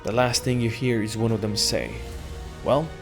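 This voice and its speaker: A man reading an AI text adventure aloud in steady second-person narration, as the game's player. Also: fairly low pitch, fairly quick, gravelly, over music.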